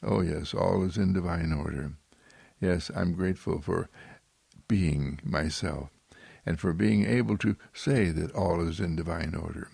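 A man giving a spiritual affirmation talk in slow, repetitive, gentle and fervent phrases. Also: deep voice, creaky, slightly rough, dry recording.

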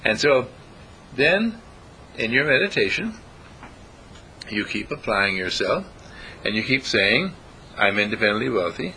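A man giving an informal spiritual talk, animated and acting out voices as he goes. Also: mid-range voice, slow pace, pauses often, a little hiss or hum, rough recording. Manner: animated, acts out voices, chuckles often.

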